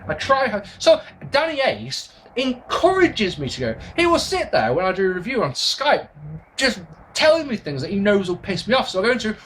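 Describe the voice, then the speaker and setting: A man's voice: high-pitched, very animated, brisk, fairly bright tone, a little hiss or hum. A man, answering viewer questions in a casual vlog, rambling, swearing and apologising for his answers. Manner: rambling, sweary, self-deprecating. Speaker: wrestling video reviewer.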